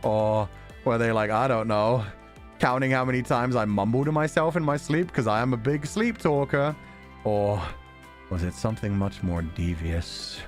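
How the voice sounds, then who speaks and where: A man casually chatting on a livestream, excitable, laughing often and swearing now and then. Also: medium pitch, moderate pace, soft background music. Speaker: streamer.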